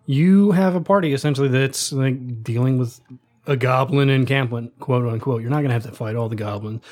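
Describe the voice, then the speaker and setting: A man co-hosting a tabletop gaming podcast, pitching ideas as an animated storyteller who swears casually. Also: a little fast. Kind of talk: casual chat about tabletop game ideas.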